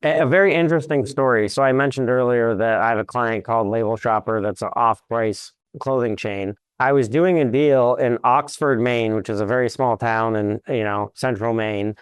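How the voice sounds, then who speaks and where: Smooth-voiced man telling lively stories. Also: mid-range voice, moderate pace, few pauses, dry recording. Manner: lively anecdotes, acts out quotes. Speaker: commercial real estate broker, guest. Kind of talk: animated storytelling in an interview.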